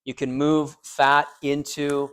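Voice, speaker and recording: A man's voice: on the high side, completely flat delivery, slow pace, a bit bright, clean tone. A man lecturing a small university class, joking and quizzing students, with frequent restarts. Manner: joking, asks the class questions, repeats students' answers; frequent restarts and fillers, loose conversational delivery.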